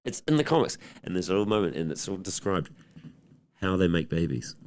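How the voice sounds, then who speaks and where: A film director with a New Zealand accent chatting casually in an interview on stage, relaxed and rambling with deadpan jokes. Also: male voice, deep voice, brisk.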